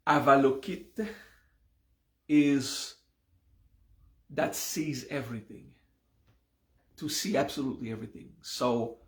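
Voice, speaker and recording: A male meditation teacher talks slowly, with a gravelly, creaky edge to his mid-pitched voice. He keeps checking in with his students as he explains. The sound carries an echoey, roomy reverb. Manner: unhurried, often checks in with "okay?". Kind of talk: live class explaining a mantra and mudra.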